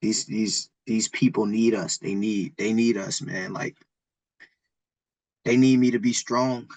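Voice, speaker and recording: A man, a wrestling coach, speaking as a podcast guest in an earnest, halting, emotional way about his faith. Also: fairly low pitch, steady tone, darkish tone, dry recording, rough recording. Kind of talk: podcast interview.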